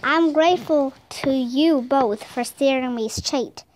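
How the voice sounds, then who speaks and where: A woman's voice: high-pitched, takes it slowly, dry recording. A woman voicing an easygoing adult male cowboy with a folksy, laid-back way of talking.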